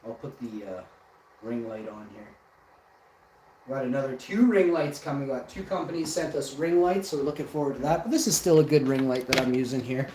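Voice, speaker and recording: A man's voice: mid-range voice, brisk, a little mellow. A man hosting a casual livestream, bantering and boasting to viewers in the chat. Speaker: livestream host. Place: indoor room with ring light. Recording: roomy echo, far from mic, faint noise.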